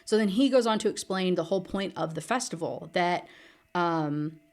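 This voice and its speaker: A woman's voice: lowish voice, lively intonation, normal speed. A woman giving a casual, sarcastic book recap, full of fillers. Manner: chatty, filler-heavy, sarcastic. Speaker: book reviewer.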